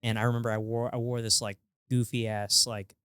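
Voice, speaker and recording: A man's voice: medium pitch, flat delivery, brisk, fairly bright tone, clear, resonant tone, dry recording, clean studio sound. A man co-hosting a podcast, chatting casually and hesitantly, often restarting his sentences, on a podcast mic. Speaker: podcast co-host. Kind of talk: casual chat.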